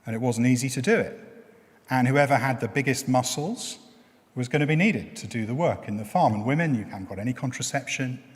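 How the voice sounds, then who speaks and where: A man's voice: medium pitch, brisk. A middle-aged man preaching a sermon in a chatty, explaining way, using everyday examples. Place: church. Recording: long reverb of a church hall.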